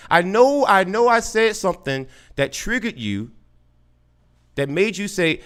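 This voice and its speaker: Male podcast host, mocking and sarcastic, voice sits a bit high and swings widely, stumbles and restarts mid-sentence. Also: big pitch swings, unhurried, fairly bright tone, clean tone. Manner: taunting, sarcastic, repeats himself; stammers and restarts often. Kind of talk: combative live podcast talk with a caller.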